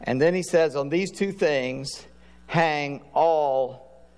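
A male pastor giving a sermon in a conversational preaching manner, with quick asides to his listeners. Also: a little high, darkish tone, smooth, in a large hall.

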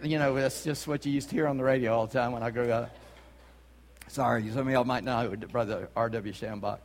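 A man's voice: mid-range voice, fairly even intonation, a little fast. A man from South Carolina, preaching a sermon in a church, talking conversationally with emphatic rhetorical questions. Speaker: pastor. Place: church sanctuary. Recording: long church reverb.

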